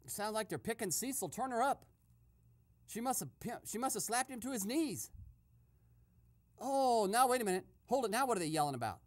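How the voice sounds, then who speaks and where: A woman voicing an excitable male radio host who eavesdrops and gives gossipy running commentary full of exclamations. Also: fairly high pitch, fairly quick, pauses often, lightly acted. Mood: excited. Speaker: host and narrator. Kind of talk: comedic radio sketch narration.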